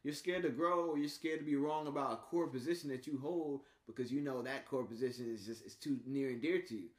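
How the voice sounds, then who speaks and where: A man with a Bay Area accent, co-hosting a casual podcast chat, animated and often laughing as he acts out quoted lines. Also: mid-range voice, a little fast, roomy sound. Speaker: podcast co-host.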